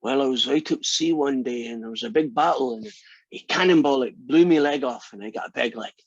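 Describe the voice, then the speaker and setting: A man's voice: medium pitch, brisk, no room sound, natural voice. A man voicing an old peg-legged pirate who explains his injuries in a matter-of-fact way, in a dull, lo-fi recording.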